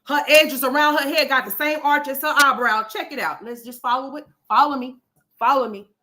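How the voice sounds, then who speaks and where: A woman's voice: high voice, steady tone, brisk, sharp tone. Brash, profane woman commentator. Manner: brash, profane, rambling, talks straight to viewers. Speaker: commentary host. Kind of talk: livestream gossip commentary.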